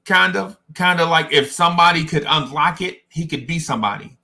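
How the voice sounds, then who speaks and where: A man hosting a podcast, chatting casually about sports in an animated, digressive storytelling way. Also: a little high, fairly quick, creaky. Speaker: podcast host.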